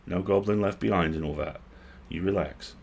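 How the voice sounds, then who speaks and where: A man's voice: sits low, moderate pace, vocal fry, darkish tone, a little hiss or hum. Man doing a bossy goblin sergeant woman. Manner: curt, commanding. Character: tough female goblin sergeant, bossy and impatient.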